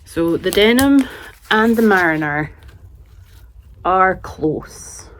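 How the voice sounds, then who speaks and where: A woman with a low-pitched voice chats casually about yarn for her knitting vlog, filming herself on a handheld camera. She rambles a little and talks to her cat as she goes. It was recorded in her home office and craft room. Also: expressive, slow pace, slight background noise. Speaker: knitting vlogger.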